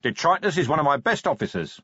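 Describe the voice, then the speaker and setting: A man voicing an irritable middle-aged male watch commander who talks briskly and impatiently. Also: fairly high pitch, sing-song, a bit bright, slightly rough, dry recording, highs cut off, pitched above the performer's own voice, exaggerated voice.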